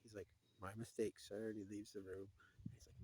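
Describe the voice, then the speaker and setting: A man recounts old cartoon scenes in a casual, rambling monologue, his fairly low voice a little mellow with a breathy edge. He talks fairly quickly and flatly, acting out the characters' lines and laughing at his own jokes.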